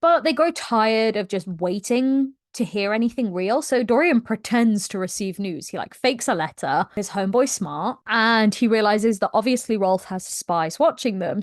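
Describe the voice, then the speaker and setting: A woman's voice: on the high side, no echo, clean studio sound. A young woman giving a casual book recap, gushing and slangy, laughing often. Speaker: book vlogger.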